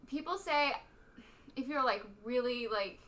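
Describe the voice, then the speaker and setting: A young adult woman in casual chat, talking fast and loose with lots of fillers and the odd swear word. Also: high voice, a bit bright.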